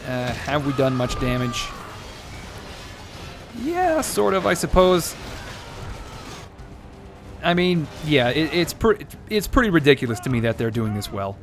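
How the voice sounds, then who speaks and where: A man's voice: mid-range voice, big pitch swings, measured pace, pauses often, soft background music. A man giving casual let's play commentary on a strategy game, sarcastic and joking, swearing and rambling as he plays. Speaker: gaming commentator.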